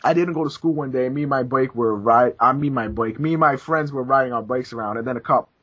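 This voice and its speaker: A young man hosting a casual podcast, telling crude stories with loud acted-out quotes. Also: medium pitch, fast talker, breathy edge. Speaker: podcast host. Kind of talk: casual gaming podcast chat. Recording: dull lo-fi voice chat audio.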